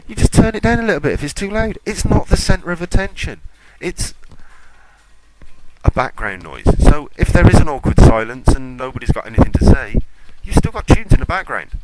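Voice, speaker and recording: A man's voice: fairly high pitch, big pitch swings, fairly quick. A man hosting a tech podcast, chatting casually in a rambling, self-mocking way and going off on rants. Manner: ranting, self-mocking, off-topic. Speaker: podcast host. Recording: loud background noise.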